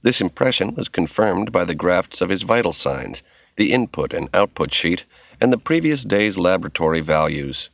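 Deep gravelly male narrator. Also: big pitch swings, normal speed, a bit bright, no echo. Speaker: audiobook narrator. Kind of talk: scripted narration. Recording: dry, dull, muffled.

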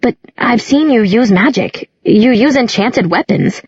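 A wry, curious teenage girl, as a female narrator puts her on, quick with sarcastic comebacks, pitched a little higher than the reader's own voice. The husky tone sits in a dull, dry audiobook recording. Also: animated, darkish tone, no room sound, heavily acted.

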